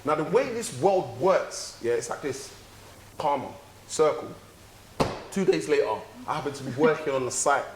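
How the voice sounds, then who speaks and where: A man, telling a story on a podcast in a casual, animated way and acting out the dialogue with some swearing. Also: fairly high pitch, moderate pace, slight background noise. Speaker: podcast co-host. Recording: echoey room.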